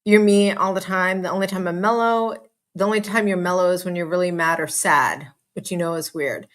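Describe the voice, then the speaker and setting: A woman's voice: lowish voice, fairly even intonation. Bubbly hyper woman live-streaming. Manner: bubbly, hyper, talks fast with lots of asides and laughs. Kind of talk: casual live chat reading viewer comments. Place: home.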